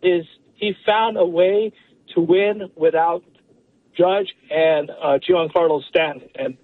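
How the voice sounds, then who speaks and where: A man's voice: on the high side, fairly even intonation, slow pace. A man calling in to a sports radio show, chatty and joking, heard over a phone line. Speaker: radio caller. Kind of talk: casual phone-in chat.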